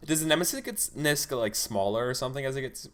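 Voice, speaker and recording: A man running a tabletop game as game master, narrating events in a halting, casual way with repeated starts. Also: medium pitch, animated.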